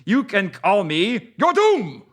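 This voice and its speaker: A man voicing a gruff, boastful ninja leader in a read-aloud story, using a put-on foreign-sounding accent. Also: on the high side, wildly swooping pitch, moderate pace, a bit bright.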